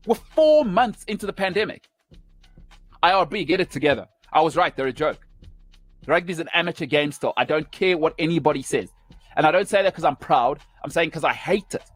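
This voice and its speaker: A man hosting a sports show, delivering an opinionated rant in emphatic, punchy short phrases. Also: high-pitched.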